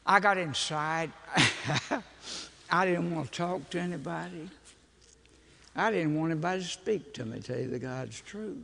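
An older man, preaching as a folksy, animated storyteller who laughs at his own jokes. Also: fairly high pitch, unhurried, creaky, long pauses. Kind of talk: storytelling sermon. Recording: echoey hall with long reverb.

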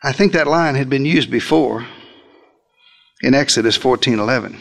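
A creaky male voice at normal speed preaches a dramatic first-person sermon, reliving a story as though present and addressing listeners head-on. His theatrical delivery leans on shifts in pitch and pace for emphasis.

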